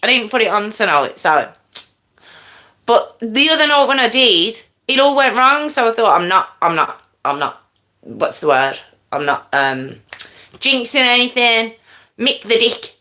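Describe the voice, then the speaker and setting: A woman's voice: fairly high pitch, very animated, measured pace, bright, forceful tone. A woman hosting a casual livestream, chatting with viewers and apologising often, sometimes dropping to a whisper. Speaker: livestream host. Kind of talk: casual live chat with viewers.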